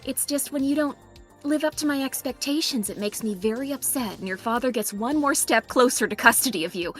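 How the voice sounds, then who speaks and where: A woman's voice: high voice, a little fast, fairly bright tone, soft background music. A woman voicing a middle-aged suburban mom who is authoritative and passive-aggressive, with a sugary, scolding, guilt-tripping manner. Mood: sweetly menacing.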